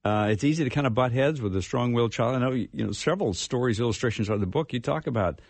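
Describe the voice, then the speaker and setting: A man hosting an interview, asking questions in a halting way with many fillers. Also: medium pitch, gravelly, darkish tone, no echo. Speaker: host.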